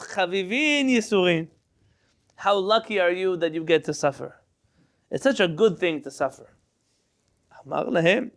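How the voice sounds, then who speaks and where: Male Torah teacher, high and gravelly, reads Hebrew and translates briskly while quizzing the class. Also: fairly bright tone. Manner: reads Hebrew text aloud and translates line by line into English; quizzes students with questions.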